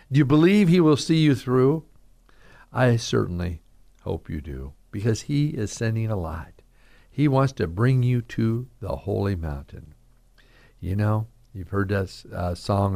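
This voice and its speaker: A man's voice: lowish voice, gravelly. A man who is a pastor, preaching an earnest radio sermon and speaking straight to listeners as folks.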